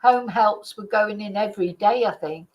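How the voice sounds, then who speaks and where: An older woman hosts her own channel and chats to the camera. She tells a personal story in a loose, rambling way, with plenty of fillers and restarts. Her voice sits at an ordinary middle pitch. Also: moderate pace, highs cut off. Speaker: channel host. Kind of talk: casual storytelling monologue.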